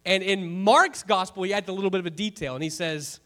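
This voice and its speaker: A man preaching a sermon to his congregation, talking to the room in a lively, conversational way, with joking asides and rhetorical questions. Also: high voice, a little fast. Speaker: pastor. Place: church before a congregation.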